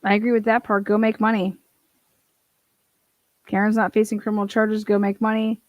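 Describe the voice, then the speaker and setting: A woman's voice: mid-range voice, monotone, moderate pace, no room sound, dull audio. A woman hosting a livestream, giving casual, blunt, profane commentary in an incredulous tone.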